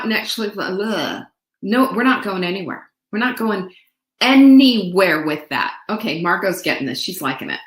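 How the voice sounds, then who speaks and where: Playful, lively-voiced motivational woman host. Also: medium pitch, reverberant. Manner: playful, chatty, addresses viewers as girlfriends; sings snippets and mimics voices. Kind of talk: upbeat motivational talk.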